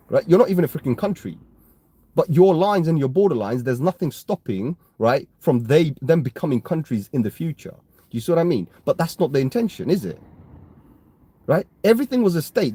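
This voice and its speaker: A British man hosts a crypto live stream, rambling casually to his chat, restarting sentences, tacking on "right?" again and again, and getting heated. His voice is medium-pitched, warm and husky.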